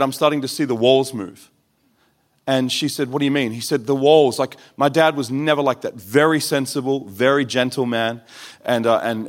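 Earnest male preacher telling his story. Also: mid-range voice. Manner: earnest storytelling with quoted voices. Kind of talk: sermon testimony.

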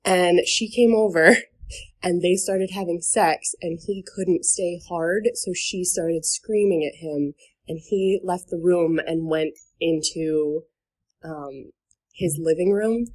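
A young woman from New Hampshire chats on a podcast in a slightly low voice. She fills her talk with "um" and "like" and laughs between sentences as she tells a story. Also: takes it slowly, a little mellow. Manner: chatty, many fillers and "like", laughs between sentences. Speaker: guest telling a dating story. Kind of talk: casual podcast chat.

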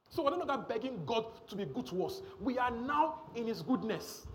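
A man's voice: high voice, a little hiss or hum. A man preaching a sermon, emphatic and repetitive, often checking in with the congregation.

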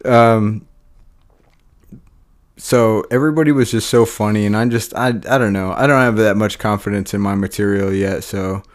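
Young male podcast co-host, casual, rambling, self-mocking, laughs a lot, slightly low voice. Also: steady tone, moderate pace. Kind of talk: casual chat.

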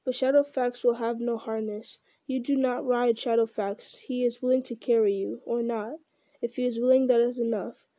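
A woman reading a fantasy novel aloud, voicing an old male wizard who speaks with grave, measured command. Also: on the high side, fairly even intonation, warm tone, no room sound, close to an everyday voice. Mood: calm. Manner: grave, measured delivery that rises to urgent cries.

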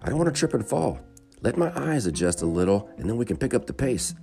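A man voicing eager young boys on an adventure, in a raised, excited voice. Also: on the low side, fast, gravelly, over music, pitched above the performer's own voice.

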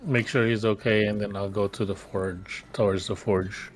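A man's voice: on the low side, fairly even intonation. A man playing in a tabletop game, hesitantly saying what his character will do. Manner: slow, hesitant. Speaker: player.

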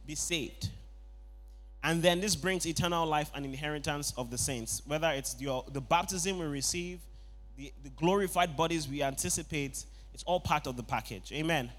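High-voiced male preacher, calling out to the congregation. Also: moderate pace. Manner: call-and-response, rising to shouts. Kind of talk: sermon.

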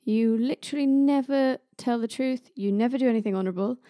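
Casting: suspicious male dwarf craftsman, voiced by a woman, firm and quiet, mellow tone. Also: on the high side, brisk, no room sound, studio quality, lightly acted. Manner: firm, distrustful.

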